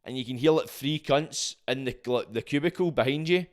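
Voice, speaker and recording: A man's voice: medium pitch, a little fast. A young man with a Glaswegian accent, hosting a podcast in crude, rambling casual chat full of swearing and jokey asides. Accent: Scottish, Glaswegian. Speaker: podcast host.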